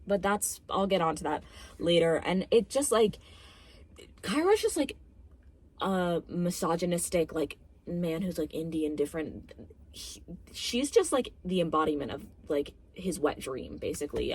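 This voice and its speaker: This young film reviewer has a lowish, husky voice that's very animated at a normal speed. She's casually ranting to the camera about a movie, exasperated, swearing, and packing in lots of "like"s.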